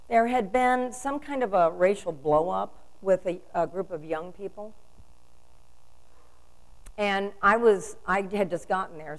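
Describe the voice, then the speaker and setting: A woman's voice: medium pitch, rough recording. An older woman delivering a storytelling sermon, asking rhetorical questions with emphasis.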